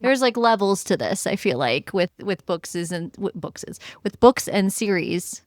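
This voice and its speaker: A woman's voice: mid-range voice, big pitch swings, moderate pace, no room sound, studio quality. A woman co-hosting a book podcast, chatting animatedly and rambling with lots of filler words. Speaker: podcast co-host. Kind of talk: casual chat.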